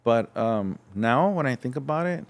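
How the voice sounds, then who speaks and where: Young adult man from Los Angeles, podcast guest, frank halting storyteller. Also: mid-range voice, expressive, gravelly, clean tone. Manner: frank, halting, acts out voices in his story. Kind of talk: casual storytelling.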